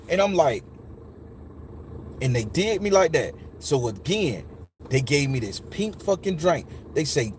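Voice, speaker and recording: A man recounts a painful memory in raw, profane, casual speech, his voice sitting a little higher than most men's. He acts out other people's lines as he goes, and a faint hum of ambience and passing vehicles sits behind him. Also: moderate pace. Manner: emotional, profane, animated retelling with acted quotes. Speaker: storyteller recounting a personal memory. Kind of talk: casual spoken testimony.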